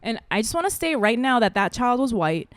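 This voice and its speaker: A woman co-hosting a podcast, telling a story from her life in casual chat and acting out the people in it with lively voice jumps. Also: fairly quick, no echo. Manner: animated, acts out quoted people with big pitch jumps. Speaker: podcast co-host; mother.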